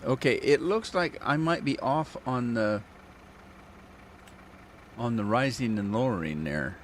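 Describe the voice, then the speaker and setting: A man's voice: medium pitch, expressive, measured pace, a little hiss or hum. A man casually commenting on his farming game livestream, chatting with his viewers, joking at himself and humming as he plays. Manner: chatty, self-mocking, talks to chat, hums while playing. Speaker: livestream gamer.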